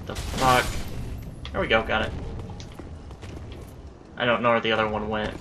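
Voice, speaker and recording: A man's voice: fairly low pitch, flat delivery, moderate pace, bright, forceful tone, a little hiss or hum. A man giving live gameplay commentary, exasperated and profane, talking back at enemies as he plays. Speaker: let's play gamer.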